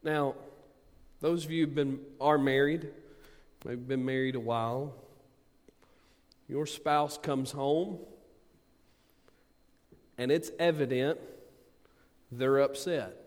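Slow preacher in echoing hall. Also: male voice. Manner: swings from booming emphasis to quiet asides. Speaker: pastor. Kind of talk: sermon. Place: church sanctuary. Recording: long hall reverb.

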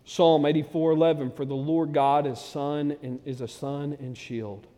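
Excited preacher in a reverberant hall. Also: male voice, fairly high pitch, normal speed. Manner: conversational preaching that swells to loud, excited climaxes. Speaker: pastor. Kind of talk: sermon.

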